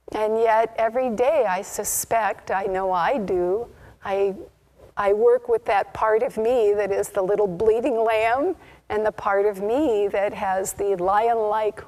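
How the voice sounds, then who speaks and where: Woman minister, sermon, slow and deliberate storyteller. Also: mid-range voice, a little mellow. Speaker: minister leading a Sunday service. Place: spiritual community service.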